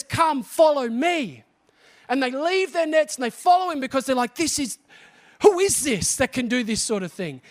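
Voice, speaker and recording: A man preaching a sermon, animated and often asking the congregation questions. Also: very high-pitched.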